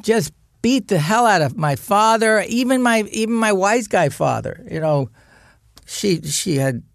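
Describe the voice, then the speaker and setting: High-voiced heated New storyteller. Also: male voice, expressive, unhurried, vocal fry, dry recording, studio quality. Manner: loud, heated, profane storytelling. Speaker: guest storyteller. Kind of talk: animated anecdote in a played clip.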